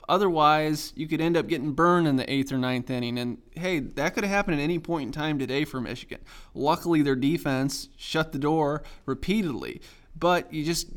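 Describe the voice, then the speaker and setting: A man's voice: fairly high pitch, clear, resonant tone. A man giving a post-game football analysis, making his case through a baseball comparison. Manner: argues a point with a sports comparison. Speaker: sports analyst.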